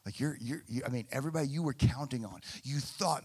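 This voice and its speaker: A man preaching a sermon as a pastor, swinging from hushed, quiet passages to loud, emphatic ones and acting out the voices of people he quotes. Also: medium pitch, a little fast, husky.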